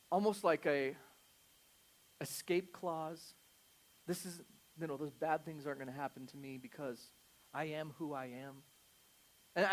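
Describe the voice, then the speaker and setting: High-voiced pastor preaching conversationally. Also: male voice. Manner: conversational, joking, swings from loud emphasis to quiet asides. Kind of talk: sermon.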